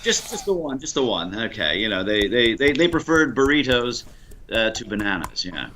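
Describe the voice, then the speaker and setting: A man with an American Ohio accent running a quiz, dry, deliberate and teasing. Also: mid-range voice, big pitch swings, crowd noise. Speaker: quizmaster.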